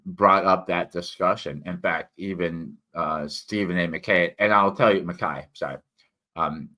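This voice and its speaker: Low American male host, bright tone, rambling solo-stream chatter, slightly impaired enunciation. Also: fairly even intonation, a little slow. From United States. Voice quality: slightly impaired enunciation after tongue cancer. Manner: digressive, many fillers and restarts. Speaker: independent author and solo livestream host. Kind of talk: rambling solo livestream chat.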